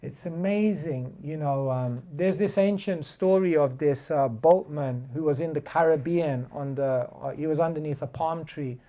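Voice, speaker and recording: A man's voice: a little high, moderate pace, hardly any pauses, warm tone. A man giving a casual spiritual class, chatty and laughing, telling stories with many fillers. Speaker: spiritual teacher. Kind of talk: casual sermon with storytelling.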